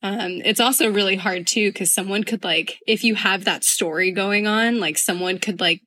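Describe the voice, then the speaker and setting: A woman's voice: medium pitch, moderate pace, bright, forceful tone. A woman co-hosting a podcast in casual chat, thinking aloud in a reflective, supportive way. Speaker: guest co-host.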